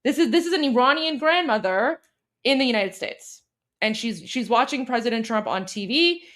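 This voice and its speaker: A woman's voice: on the high side, expressive, moderate pace, fairly bright tone. Chatty Canadian woman hosting a commentary stream. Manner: chatty, many fillers and restarts, translating. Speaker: host. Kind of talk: casual commentary.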